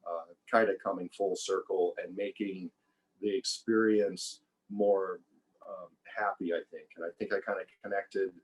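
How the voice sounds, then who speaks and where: Deep-voiced man, reflective and relaxed. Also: unhurried, rough recording. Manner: relaxed, reflective, repeats words while thinking. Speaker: podcast guest, former survival show contestant. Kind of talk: casual conversational interview.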